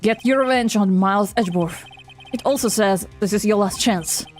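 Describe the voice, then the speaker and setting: An earnest young male lawyer, read by a woman in a near-natural tone, steady and plain. Faint music plays behind. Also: medium pitch, moderate pace, natural voice.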